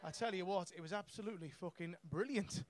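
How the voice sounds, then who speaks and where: Working a comedy club crowd through a handheld mic, a high-voiced young stand-up talks fast during his set. He's brash and sweary, chuckling at his own punchlines.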